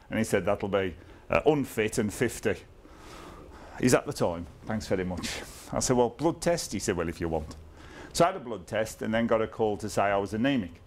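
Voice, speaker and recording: Wry man in his fifties. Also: on the low side. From England. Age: 50s. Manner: wry self-deprecating humour, chuckling through. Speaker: guest speaker. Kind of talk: informal public talk.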